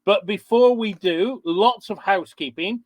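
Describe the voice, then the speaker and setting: A man's voice: sits high, measured pace, no echo. A man hosting an online webinar over a video call, chatty and informal as he greets attendees. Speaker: webinar host.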